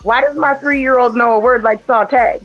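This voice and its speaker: A woman with a fairly high voice chats casually, telling stories about her little boy and putting on his lines. The sound is dull and lo-fi, with faint music playing underneath. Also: normal speed. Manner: animated, acts out her son's quotes. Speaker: podcast host. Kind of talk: casual storytelling chat.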